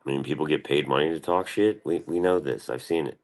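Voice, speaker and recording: A man's voice: rumbling low, fast talker. A man hosting a casual livestream, rambling and swearing as he answers chat. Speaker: livestream host.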